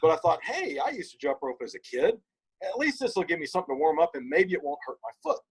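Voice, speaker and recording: Husky-voiced man telling an animated story. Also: on the high side, quick pace, rough recording. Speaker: podcast guest. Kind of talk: casual storytelling conversation.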